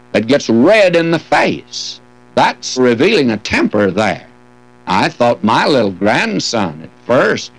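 An older man leads a verse-by-verse scripture lesson. His pitch moves up and down a lot as he reads old King James wording aloud. He breaks in with folksy, gently humorous asides. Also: creaky, poor audio. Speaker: Bible teacher. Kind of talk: expository Bible teaching.

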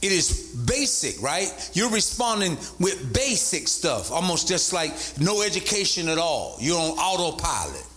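A man preaching a sermon as a bishop, animated, repeating his points and calling out to the congregation. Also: a little slow, few pauses. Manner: animated preaching, voice leaping up in pitch for emphasis; repeats phrases and calls out to the congregation. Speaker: bishop and pastor.

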